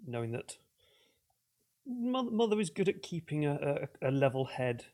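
A man's voice: fairly high pitch, sing-song, normal speed, a little mellow. A man playing a tabletop role-playing game who describes his character's actions in an earnest, hesitant way. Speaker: player.

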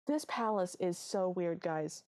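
Lower-voiced woman recapping a film. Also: measured pace. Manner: animated storytelling. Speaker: podcast co-host. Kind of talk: casual chat, film recap.

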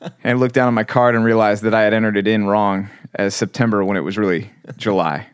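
A man hosting a casual faith podcast, telling a story with lively acted-out quotes. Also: fairly low pitch, fast talker, smooth, no room sound, clean studio sound. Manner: animated storyteller, acts out quotes. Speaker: podcast host.

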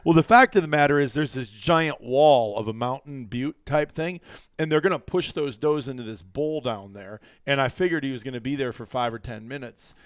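This hunting podcast co-host has a smooth, mid-range voice at a moderate pace, captured in studio quality without room sound. He's an animated storyteller, acting out what people said in a casual show.

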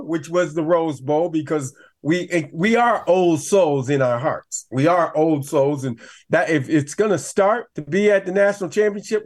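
A man's voice: fairly high pitch, darkish tone. A middle-aged man talking as a guest on a sports radio show, enthusiastic and repeating himself for emphasis. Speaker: guest analyst, former running back.

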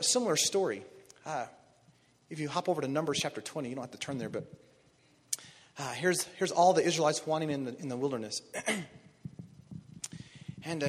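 A man preaching a sermon, animated, acting out voices of biblical figures. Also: on the high side, slightly rough, long reverb tail. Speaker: pastor.

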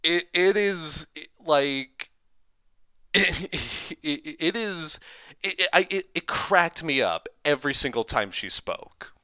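A man co-hosting a movie podcast who talks in a casual, animated way, laughing and tripping over his words. His voice is bright and clear, with a lively rise and fall. The sound is dry and close to the mic. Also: fairly high pitch, takes it slowly, no echo, faint music behind. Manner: animated, laughing, stammers when excited. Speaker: podcast co-host. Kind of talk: casual movie-review chat.

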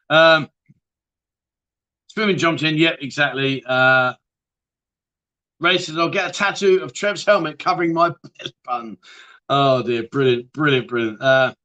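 A man's voice: on the high side, fairly even intonation, a little slow, long pauses, pushed and bright. A man hosting a casual livestream, reading out viewer comments and bantering with a laugh. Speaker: livestream host.

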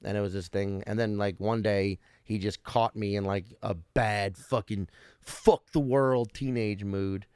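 A fairly low-voiced man in his thirties tells stories as a stand-up comedian guest, rambling and restarting his sentences and swearing freely. His voice sounds dry and close to the mic, with almost no room sound around it. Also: fairly even intonation, a little slow, a little mellow, clean tone, no room sound. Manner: profane, rambling, restarts often. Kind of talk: casual podcast storytelling.

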